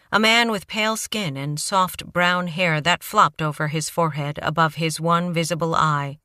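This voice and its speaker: Low-voiced woman narrating a tense thriller. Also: pushed and bright, no echo, studio quality. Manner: tense, dramatic, clipped phrasing. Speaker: audiobook narrator. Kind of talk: first-person thriller narration.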